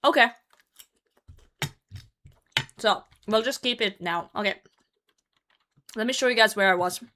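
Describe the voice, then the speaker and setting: Hosting a hide-and-seek game on a live stream from her computer at home, a young woman chats easily with her audience and laughs often. She speaks at normal speed in a medium-pitched voice with a sharp tone.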